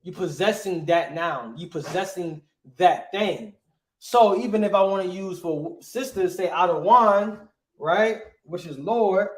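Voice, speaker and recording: A man's voice: high-pitched, lively intonation, measured pace, darkish tone, reverberant. A man teaching a lesson, asking rhetorical questions and punctuating points with emphatic asides. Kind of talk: classroom lesson.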